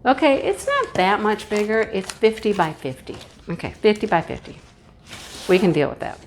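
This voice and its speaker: A woman's voice: mid-range voice, very animated, normal speed, slight background noise. A middle-aged woman vlogger chatting casually and gushing with giggles as she unboxes a craft kit.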